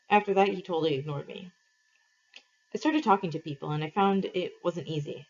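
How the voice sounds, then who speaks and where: A woman teacher reading a novel aloud to her class, in an expressive, measured way, in a dull lo-fi recording. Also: on the low side, breathy edge.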